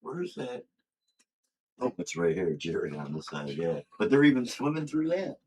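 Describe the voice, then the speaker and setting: A man's voice: low-pitched, big pitch swings, moderate pace, a little mellow, slight background noise. A man co-hosting a casual livestream, chatting back and forth in an offhand way.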